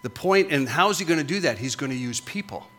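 A man's voice: a little high, expressive, fast talker, a bit bright. A middle-aged man preaching as a pastor, with emphatic, punchy repetitions that rise and fall. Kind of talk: sermon.

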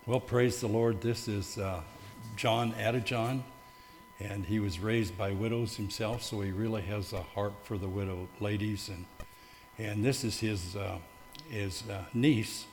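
A man's voice: lowish voice, fairly even intonation, a little mellow. A man giving a missionary talk at church, hesitant and full of fillers. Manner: halting, with many fillers. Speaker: missionary co-speaker. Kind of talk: testimony talk to a church group. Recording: echoey hall with faint hum.

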